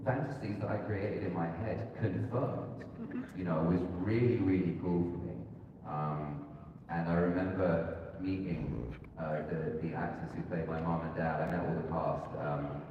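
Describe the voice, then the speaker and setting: A man's voice: low-pitched, muffled recording, background noise. A man talking candidly as a guest on a convention panel, rambling and laughing often. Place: large convention hall. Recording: echoey hall recorded from far off.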